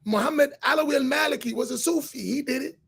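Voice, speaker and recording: Man preaching loud and pushy, real high gravelly husky voice, keeps repeating himself. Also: fast. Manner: loud, challenging, repeats phrases for emphasis. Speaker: imam on a roundtable. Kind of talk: impassioned preaching to an audience.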